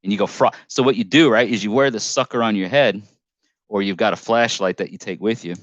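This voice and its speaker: A man's voice: fairly low pitch, brisk, a bit bright, dry recording, highs cut off. A man with a northern US accent hosting a casual live stream on a headset mic, telling a rambling story full of restarts and self-corrections.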